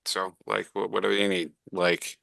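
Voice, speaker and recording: Shiner is a stammering young hunter in a tabletop game who keeps tripping over his own words, voiced by a man. The voice is low, gravelly and bright-edged, recorded dry and close. He fumbles through awkward, earnest reassurance. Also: flat delivery, moderate pace, no room sound, heavily acted.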